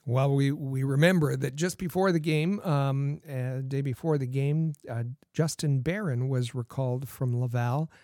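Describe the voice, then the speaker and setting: A man's voice: medium pitch, a little mellow, dry recording, clean studio sound. A man co-hosting a sports podcast, talking casually with repeated words and fillers. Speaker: podcast co-host.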